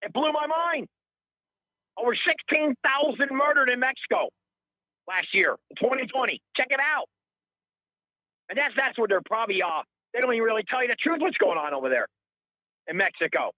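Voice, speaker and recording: A man's voice: extremely high pitch, lively intonation, moderate pace, long pauses, sharp tone, no echo, muffled recording. A middle-aged man calling in to a radio show, ranting in a heated, rambling, indignant way and repeating himself. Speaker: caller. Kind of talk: heated call-in rant.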